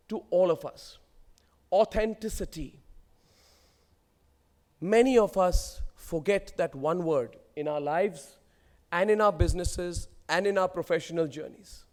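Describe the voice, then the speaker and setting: This keynote speaker is a man in his forties with an Indian English accent and a high-sitting, darkish voice. He delivers an emphatic motivational speech built on rhetorical lists.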